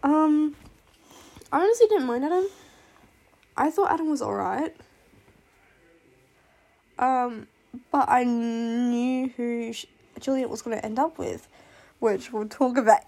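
Gushing, rambling woman with a high-ish voice. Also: slow pace, long pauses, a little mellow. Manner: rambling, gushing, swears freely, breaks into laughs and sighs. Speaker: booktuber reviewing fictional love interests. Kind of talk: casual chat.

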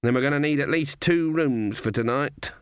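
A man's voice: mid-range voice, normal speed, clean tone, dry recording, clean studio sound, lightly acted. A man voicing a stern, suspicious old witch woman who speaks curtly. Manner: stern, curt.

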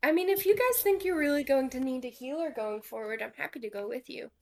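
A woman's voice: sits high, fast talker, gravelly. A woman running a tabletop game and voicing a healer, chatting casually and joking at her own expense. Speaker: game master.

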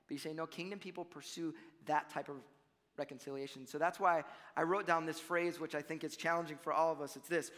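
A young adult man preaching a sermon as pastor, animated and conversational, swinging between loud emphasis and quiet asides. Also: a little high, fast, long reverb tail.

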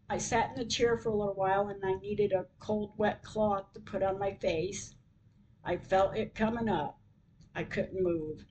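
Older woman, podcast host, unhurried personal storytelling, mid-range voice, faint hiss behind. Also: mid-range voice, a little mellow, poor audio. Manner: slow, measured storytelling. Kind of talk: reading a personal story aloud.

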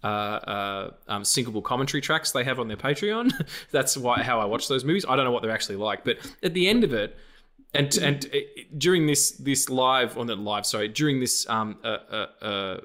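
A man co-hosting a casual film podcast, rambling and swearing freely. He breaks into animated, high-pitched rants and silly noises, then drifts back to his ordinary mid-range voice. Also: fairly quick. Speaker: podcast co-host.

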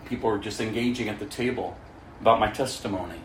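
A man preaching his testimony as a story, swinging between loud stretches and hushed ones. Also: fairly low pitch, fast talker. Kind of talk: sermon testimony. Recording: echoey room, mic far off, faint noise.

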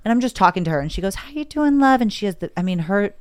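Her words racing, a woman with a smooth, low, resonant voice tells a personal story in easygoing conversation. Emotional and frank, she keeps acting out her own quotes and those of others.

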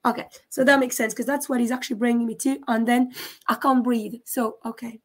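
A woman giving a live mediumship reading, halting and often stopping to check in with questions. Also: on the high side, fairly even intonation. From France. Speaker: psychic medium.

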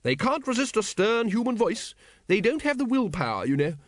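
A man's voice: high voice, sing-song, normal speed, no echo, clean studio sound, pitched above the performer's own voice. A man voicing a hearty, bossy noblewoman. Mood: confident, hearty. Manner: hearty no-nonsense commanding tone. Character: brisk, bossy aristocratic woman, dragon breeder.

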